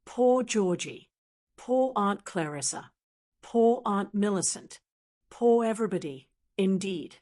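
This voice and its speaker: A text-to-speech woman's voice reading the lines of a proud, troubled young woman in a storybook, in an even, measured way. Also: medium pitch. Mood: wistful. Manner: even, measured synthetic delivery.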